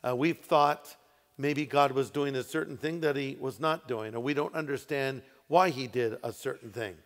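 A pastor preaching a sermon, stressing key phrases and slowing down for emphasis. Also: male voice, mid-range voice, fairly bright tone. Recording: echoey hall with long reverb.

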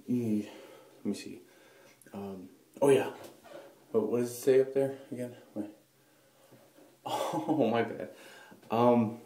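A man's voice: lowish voice, warm tone. A man vlogging in a goofy, self-mocking way, recorded in a bathroom. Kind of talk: rambling comic vlog. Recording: echoey bathroom.

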